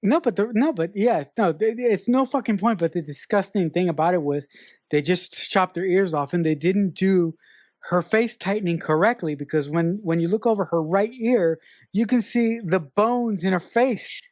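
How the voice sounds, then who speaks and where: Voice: medium pitch, moderate pace, a little mellow, no room sound. Emphatic podcaster, dry close sound. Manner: emphatic, restarts often, swears. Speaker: podcast co-host. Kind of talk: casual film review chat.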